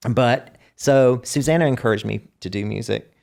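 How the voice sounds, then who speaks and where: In a casual interview, a singer-songwriter guest with a Southern US accent tells long, animated, rambling stories loaded with fillers. His gravelly voice sits mid-range and moves at normal speed.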